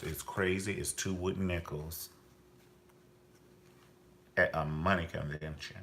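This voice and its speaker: A man's voice: sits low, sharp tone, slight background noise. A man reviewing a TV series in a vlog, blunt and profane, swinging theatrically up and down as he rants. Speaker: TV show reviewer. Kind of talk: ranting commentary vlog.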